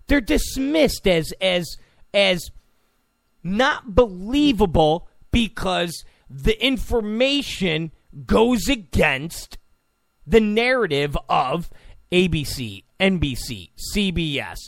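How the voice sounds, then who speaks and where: A man's voice: high-pitched, very animated, takes it slowly, gravelly, a bit bright, no echo, studio quality. A man delivering a political opinion monologue in an emphatic, repetitive, ranting way. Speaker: political commentator.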